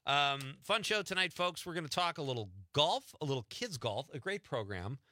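Radio host, male, joking and rambling, bright animated delivery, dry close mic. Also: fairly high pitch, moderate pace, no room sound. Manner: joking, self-mocking, rambling. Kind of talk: casual studio banter. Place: radio studio. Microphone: studio microphone.

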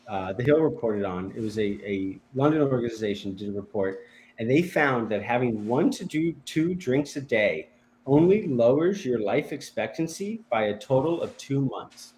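A man's voice: mid-range voice, animated, normal speed, a little mellow, a little hiss or hum. A man on the radio as a guest editor, chatting casually about news stories and laughing along.

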